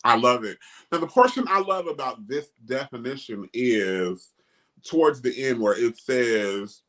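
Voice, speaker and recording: Middle-aged guy hosting a chat show, bright forceful voice, really animated. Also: medium pitch, measured pace. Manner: animated, emphatic, quotes others in mocking voices. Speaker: host. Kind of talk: casual discussion.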